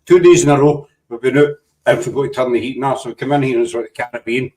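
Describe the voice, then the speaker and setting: Very fast but steady in tone, his mid-range voice carries a darkish quality as this Scottish man hosts a casual live panel chat. He rambles and teases his guests playfully, recorded well away from the mic.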